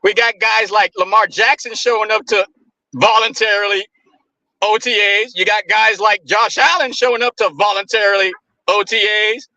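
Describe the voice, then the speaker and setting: A man with a very high, bright voice argues his point on a sports talk show. He talks earnestly and piles up his case. The sound is dry and close, with no room echo. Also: fairly even intonation, normal speed, dull audio. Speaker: co-host. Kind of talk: casual sports podcast talk.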